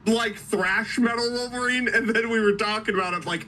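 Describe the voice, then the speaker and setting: A man's voice: high voice, moderate pace, pushed and bright, slight background noise, low-quality recording. A man co-hosting a casual movie review chat, laid-back and swearing often. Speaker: podcast co-host.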